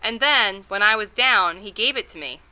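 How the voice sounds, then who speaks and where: A woman's voice: mid-range voice, animated, moderate pace, bright, forceful tone, clear, resonant tone, highs cut off. A woman voicing an elderly tiny borrower father who speaks in rustic, ungrammatical phrases in a storybook read-aloud. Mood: explaining. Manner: rustic ungrammatical speech, rambling and reassuring.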